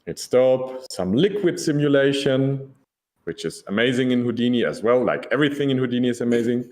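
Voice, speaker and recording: A man's voice: medium pitch, lively intonation, brisk, darkish tone. Laid-back enthusiastic male presenter. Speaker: conference presenter. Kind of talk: casual presentation talk.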